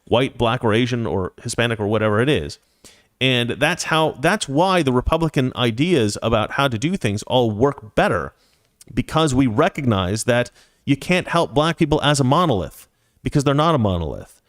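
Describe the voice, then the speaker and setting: A man's voice: mid-range voice, animated, normal speed, no room sound, studio quality. A man in his forties hosting his own talk show, giving opinionated commentary in a conversational way and reading out viewer messages. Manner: opinionated, conversational, frequent restarts. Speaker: show host.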